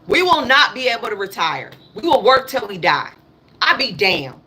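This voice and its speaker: Blunt woman with a bright voice. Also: medium pitch, very animated, moderate pace, slightly rough. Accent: African American English. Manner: blunt, emphatic, repeats points, swears. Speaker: livestream host. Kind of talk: casual political livestream rant.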